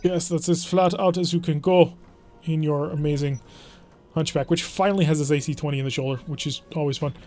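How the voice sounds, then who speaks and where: A man's voice: a little high, steady tone, fairly quick, darkish tone, soft background music. A man hosting a game let's play, commenting in a wry, chatty, self-deprecating way as he plays. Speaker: gaming channel host.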